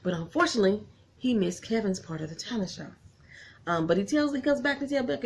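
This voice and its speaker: Young woman gushing about her show to her viewers, a bit of fry in her voice, folksy and chatty. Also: mid-range voice, fast talker, a little hiss or hum. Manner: animated, gets emotional and laughs often; folksy, talks straight to viewers. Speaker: vlogger recapping a TV episode. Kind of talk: casual chatty recap.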